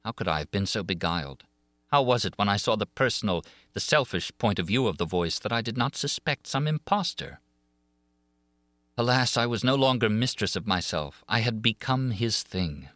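A male reader voices a young woman singer telling of her haunting in a classic audiobook. She sounds earnest and pleading, and her feeling rises and falls widely, sometimes climbing high. The voice sits low and dry, close to the mic. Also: expressive, normal speed, a bit bright, no echo. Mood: rueful. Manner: emotive, rising and falling with feeling. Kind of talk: audiobook reading of a classic novel.

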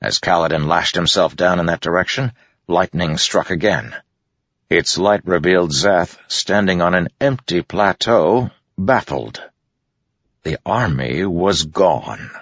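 Man, very deep voice, steady measured audiobook narration, dull lo-fi sound. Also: dry recording. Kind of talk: scripted fantasy narration. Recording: dull lo-fi dry audiobook recording.

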